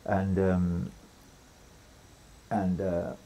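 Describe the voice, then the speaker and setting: A man's voice: low-pitched, monotone, extremely slow, creaky, dark tone, slight background noise, poor audio. An older man, telling a long story as an interview guest, rambling with restarts and quoted lines. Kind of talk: relaxed storytelling conversation.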